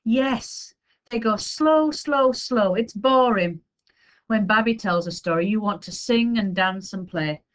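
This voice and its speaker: A woman's voice: medium pitch, takes it slowly, lightly acted. A woman voicing a young boy who speaks earnestly and with feeling in a read-aloud storybook. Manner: earnest, emotional pleading. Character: young boy, passionate about oral storytelling.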